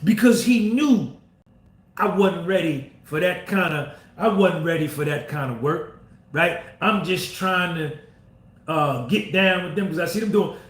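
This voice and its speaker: A man's voice: high-pitched, measured pace. A man hosting a podcast, telling a story in a casual way, repeating himself and acting out what others said. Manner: repetitive, acts out quoted dialogue. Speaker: podcast host. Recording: roomy echo.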